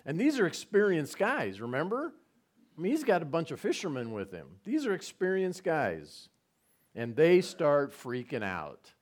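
Male pastor, conversational sermon, animated pitch, repetitive asides. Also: moderate pace. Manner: retells scenes with repetition and asides.

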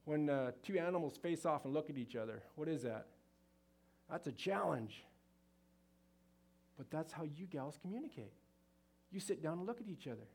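A man's voice: fairly high pitch, animated, normal speed, pauses often, a little mellow, husky. A man speaking to a live audience at a marriage seminar, folksy and conversational, with frequent fillers and restarts.

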